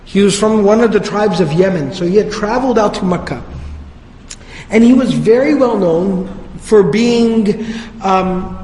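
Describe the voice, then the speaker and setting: A man lectures on religious history in an easygoing, slangy storytelling way. His voice sits high, and the large hall around him adds a long, roomy reverb. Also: measured pace, a little hiss or hum. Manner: conversational, slangy, animated storytelling.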